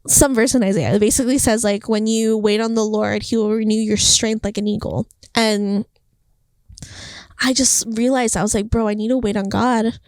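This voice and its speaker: A young woman talking about her faith in a casual vlog, chatty and animated, filling her sentences with "like" and acting out what was said. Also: fairly high pitch, moderate pace, dry recording. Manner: chatty, heavy use of "like", animated quoting. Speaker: faith vlogger. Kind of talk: casual devotional vlog monologue. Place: indoors, Los Angeles home. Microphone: phone or camera mic.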